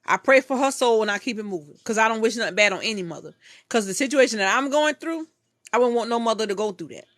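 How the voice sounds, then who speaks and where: A woman's voice: a little high, lively intonation, quick pace, no room sound, clean studio sound. Impassioned young woman vlogging to camera. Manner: impassioned, blunt and profane, swinging from loud outbursts to quiet mumbles. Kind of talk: emotional live vlog to camera.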